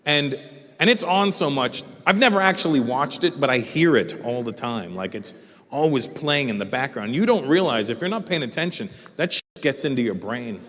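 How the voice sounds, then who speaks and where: Telling stories and cursing freely as he talks with the audience, a middle-aged Canadian comedian performs on stage at a large venue. His mid-range voice is expressive, a little fast and fairly bright. Live hall reverb and faint ambience surround it.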